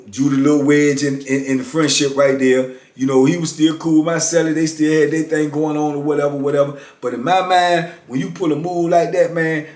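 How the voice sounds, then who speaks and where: Recorded in an echoey room, a middle-aged man who served time and now gives motivational talks recounts a story bluntly and casually, with a streetwise edge. His voice is a little high with a darkish tone, and he keeps saying "you know what I'm saying."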